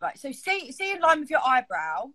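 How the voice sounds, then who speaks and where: A teary-eyed, giggly woman hosts a makeup vlog in loose, joking banter. Her voice sits fairly high and swings widely in pitch. She talks in a chatty, easygoing way. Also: very animated, moderate pace, pushed and bright. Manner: giggly, chatty, easily set laughing. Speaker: makeup vlogger. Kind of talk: casual banter while doing makeup.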